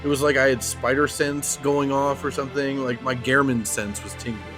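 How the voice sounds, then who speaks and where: An enthusiastic man co-hosts a podcast in a loose, casual way. His voice sits at an ordinary middle pitch, and his talk is animated. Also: normal speed, over music. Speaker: podcast co-host.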